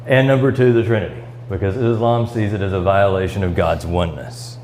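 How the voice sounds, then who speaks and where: This Bible study teacher, a man with a Midwestern American accent, reads passages aloud and explains them in a church classroom, with fillers and restarts. His voice is on the low side, steady and a little mellow, a bit fast with hardly any pauses. The low-quality recording has slight background noise.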